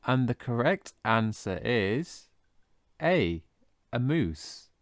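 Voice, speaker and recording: Guy teaching english words, sounds them out slow n careful, voice goes up and down a lot. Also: medium pitch, very animated, no room sound, studio quality. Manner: slow, careful modelling of pronunciation. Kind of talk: scripted vocabulary lesson.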